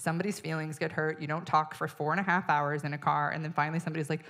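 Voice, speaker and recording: A woman comedian from the United States telling a story on stage in an animated, exasperated way, acting out the people in it. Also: deep voice, fast, hardly any pauses. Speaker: stand-up comedian. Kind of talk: stand-up storytelling. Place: stage in front of an audience.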